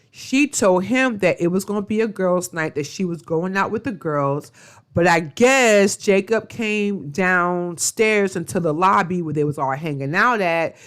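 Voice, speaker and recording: Chatty woman recapping a reality show. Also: on the low side. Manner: chatty storytelling, full of fillers and slang. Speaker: reality TV reviewer. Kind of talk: casual episode recap.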